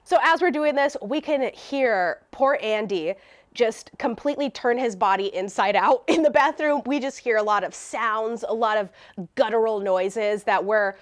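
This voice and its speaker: A woman telling a storytime vlog, animated and laughing as she talks. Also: fairly high pitch, moderate pace. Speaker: vlogger.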